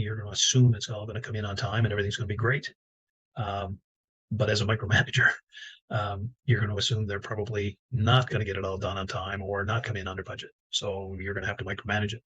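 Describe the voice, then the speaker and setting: A man giving a relaxed, conversational talk as a business coach, with frequent fillers. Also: on the low side, breathy edge, dull audio. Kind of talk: instructional talk to camera.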